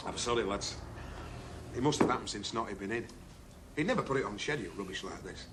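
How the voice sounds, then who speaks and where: A man's voice: fairly low pitch, animated, quick pace, close to an everyday voice. An actor playing an earnest Northern rugby man. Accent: Northern English. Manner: earnest, defensive of his friend. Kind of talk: 1970s television drama acting. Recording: noisy 1970s television soundtrack.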